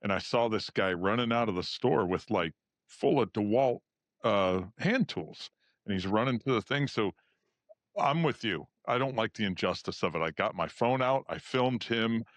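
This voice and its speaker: A man hosts a podcast in a relaxed, casual way. His voice is on the low side. The sound is dry. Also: moderate pace, no room sound. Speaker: podcast host. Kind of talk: casual interview chat.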